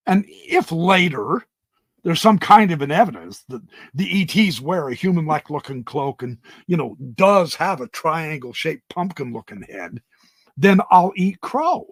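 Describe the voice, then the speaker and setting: A man's voice: fairly high pitch, sing-song, measured pace, no echo. A man hosting his own reaction channel, talking emphatically and indignantly, often stumbling over the first words of a sentence. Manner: emphatic, stammering restarts, indignant.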